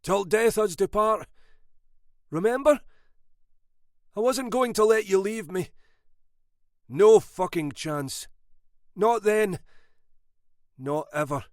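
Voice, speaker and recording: A man's voice: sits high, takes it slowly, pauses often, darkish tone, no room sound, clean studio sound, pitched above the performer's own voice. A man voicing a possessive, controlling husband who coaxes and threatens. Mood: obsessive. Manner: coaxing then snarling, possessive. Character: controlling, obsessive husband turning menacing.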